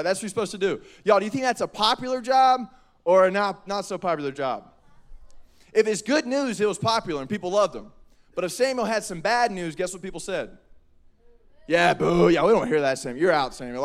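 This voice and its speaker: A youth pastor with a high, bright-toned voice preaches to a group of young people. He talks in a casual, slangy, energetic way and acts out the people in the story in quick voices. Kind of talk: youth sermon.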